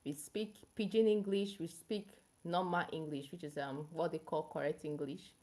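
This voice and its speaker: A young woman with a Nigerian accent hosts a casual livestream, talking straight to a viewer and explaining things at length. Her voice sits a little low. She keeps a chatty, easygoing flow. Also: fairly even intonation, normal speed, dark tone. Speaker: livestream host.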